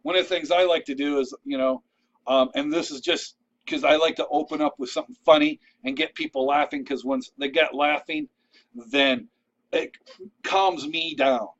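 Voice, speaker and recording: A man with a slightly high voice talks in a loose, conversational way, full of asides. He keeps checking in with his listeners as he gives practical tips. The recording sounds a little dull and lo-fi. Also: fairly even intonation, normal speed, a bit bright. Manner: conversational, checks in with "all right?"; loose and rambling, with restarts and asides. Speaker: vlogger giving networking tips. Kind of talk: casual advice talk to camera.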